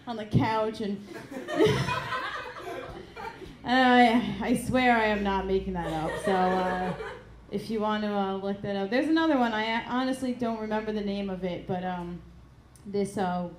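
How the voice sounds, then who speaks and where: A woman's voice: medium pitch, darkish tone, slight background noise. A woman doing stand-up comedy on a club stage, giggling often and hesitating with many ums. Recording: echoey club room with ambience.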